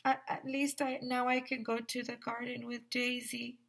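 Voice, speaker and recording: A woman voicing an anxious, eager young female bee who pleads a little breathlessly, her voice pitched higher than her own. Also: little pitch movement, moderate pace, gravelly, a bit bright. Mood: teary.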